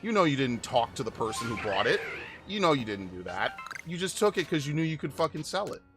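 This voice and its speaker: A man in his forties from New York hosts his gaming stream and talks casually through a blunt, profane rant, restarting sentences as he goes. Game music plays clearly behind his voice. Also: medium pitch, big pitch swings, brisk. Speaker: gaming channel host. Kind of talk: casual live-stream rant during gameplay.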